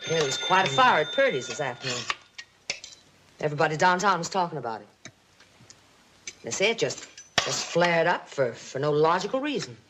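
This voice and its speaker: An actress playing an insinuating, scolding middle-aged aunt, in 1950s TV drama style. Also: female voice, low-pitched, sing-song, normal speed, long pauses. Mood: sly. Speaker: aunt Mildred. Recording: hissy old TV soundtrack.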